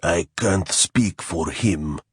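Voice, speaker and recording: A man reading an audiobook, voicing a grave noble lord in slow, measured speech. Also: low voice, slightly rough, no echo, clean studio sound, full character voice. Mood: stern.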